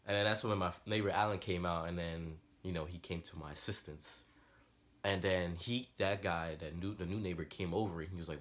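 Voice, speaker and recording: A man's voice: low-pitched, brisk. A young man telling a personal story in casual, slangy, rambling talk. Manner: slangy, rambling, animated retelling. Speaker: vlogger.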